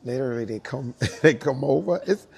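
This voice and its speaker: A man with a New York accent, speaking to young dancers and telling animated stories with repeated emphasis and acted-out quotes. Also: medium pitch, brisk, vocal fry, slightly rough. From United States. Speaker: guest dancer speaking to students. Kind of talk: casual storytelling talk.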